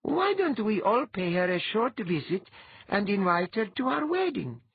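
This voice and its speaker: A man's voice: high-pitched, very animated, unhurried, gravelly, husky, no echo, muffled recording, voice pushed up, exaggerated voice. A man voicing an eager young bride-to-be in an audiobook.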